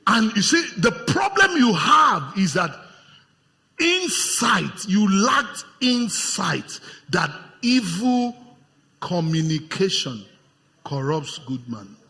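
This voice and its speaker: A Nigerian man preaching a lively sermon to his congregation as pastor, acting out the voices of tempters in his stories. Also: high voice, slow, gravelly. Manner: animated, acts out voices of tempters, laughs with congregation. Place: church hall with congregation. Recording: long hall reverb.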